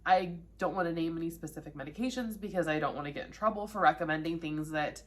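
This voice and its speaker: Low-pitched and fast-talking, a woman in her thirties vlogs about her personal battle with cancer. Her delivery is frank and conversational, and she is often emotional.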